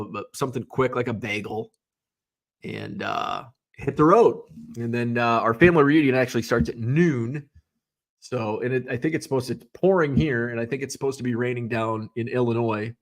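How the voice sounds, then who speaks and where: A middle-aged man hosting a casual livestream, telling stories in a profane, animated way and answering viewers. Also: mid-range voice. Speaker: livestream host.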